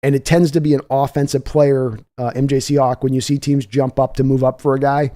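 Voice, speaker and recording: A man hosting a live-streamed draft show, talking in a chatty, excitable way and reading viewer donations aloud. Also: mid-range voice, fairly quick. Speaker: livestream draft host.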